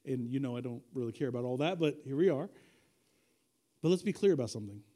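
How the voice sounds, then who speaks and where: A man's voice: medium pitch, expressive, fast, warm tone. A man preaching a sermon as pastor, dynamic and conversational, repeating key lines for emphasis with folksy asides.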